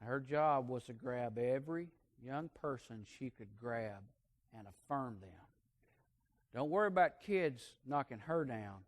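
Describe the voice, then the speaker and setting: A man preaching a sermon, telling a folksy story and swinging between hushed and loud emphasis. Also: mid-range voice, animated, a little slow.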